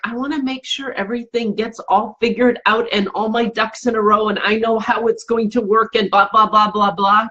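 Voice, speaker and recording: Earnest woman, husky and searching. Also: mid-range voice, fairly bright tone, dull audio. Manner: earnest and searching, with frequent self-corrections and repetitions. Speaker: life coach and podcast host. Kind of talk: reflective personal talk to listeners.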